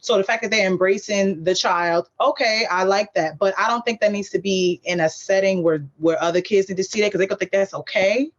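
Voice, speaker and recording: A woman on a casual podcast chat, laying out her opinion in a measured way, point by point. Her voice is mid-pitched, and the audio sounds dull and lo-fi. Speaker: podcast co-host.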